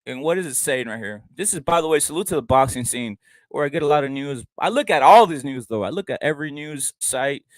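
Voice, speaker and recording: Guy on a profane rant reading boxing articles, kinda high voice, dry sound. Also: expressive, brisk, dry recording, low-quality recording. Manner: profane, ranting, reads articles aloud. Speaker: boxing commentary host. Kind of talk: ranting solo commentary.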